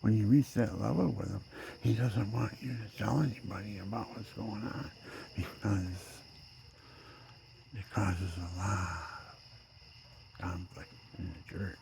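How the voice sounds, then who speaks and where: A man in his seventies talking in a rambling personal monologue, drifting between loud outbursts and near-whispers. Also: lowish voice, measured pace, gravelly, long pauses, background noise. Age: 70s. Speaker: vlogger.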